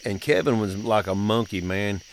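There's a little hiss or hum behind this lowish male voice, which moves at normal speed with fairly even intonation. The speaker is a middle-aged dad and podcast host, casually telling family stories in a folksy drawl punctuated by laughter.

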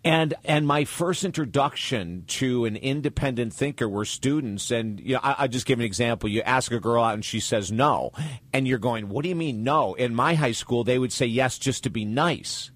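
A man's voice: mid-range voice, moderate pace, fairly bright tone, dry recording. A man from upstate New York hosting a radio interview, chatty, laughing often and stumbling over repeated words. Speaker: radio host.

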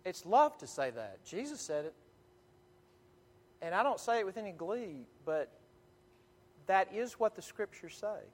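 Pastor guy preaching, earnest and emphatic, stops and restarts a lot, church reverb trailing off. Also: sits high. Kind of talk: sermon. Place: church sanctuary. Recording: long hall reverb.

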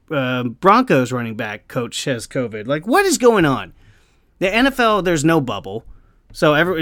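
A man's voice: mid-range voice, fairly bright tone, no room sound. Rambling man on a dry mic. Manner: rambling, frustrated, many fillers. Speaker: podcast host. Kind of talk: casual sports rant.

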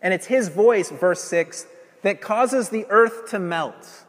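A man's voice: sits high, slow pace, in a large hall. A man preaching a sermon in earnest, emphatic tones, building through rhetorical questions.

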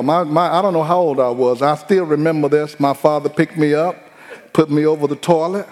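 Middle-aged preacher, fairly high voice, joking storyteller, long church echo. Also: male voice, darkish tone. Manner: folksy, humorous storytelling with acted-out quotes. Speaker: pastor. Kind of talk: sermon. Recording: long hall reverb.

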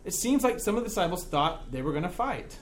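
Brief: male pastor, casual humorous sermon delivery, bit of a high voice, faint noise behind. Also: big pitch swings, fast. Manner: joking, conversational, checks in with "right?".

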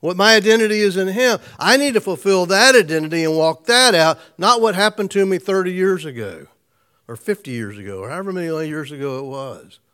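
A man gives a relaxed sermon to a small gathering, his voice sitting noticeably high. He talks conversationally, repeating and restarting phrases, with frequent soft chuckles. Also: a little fast, clear, resonant tone. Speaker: pastor. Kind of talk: informal sermon to a small group.

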